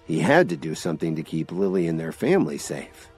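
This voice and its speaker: Brief: male audio-drama narrator, low and lively, soft music bed. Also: fairly quick, breathy edge. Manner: expressive storytelling.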